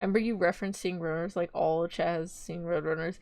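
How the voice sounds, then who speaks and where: A woman's voice: lowish voice, steady tone, quick pace, hardly any pauses, a little mellow, no echo, studio quality. A young woman, chatting and giggling casually on a live stream. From Texas. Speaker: VTuber streamer.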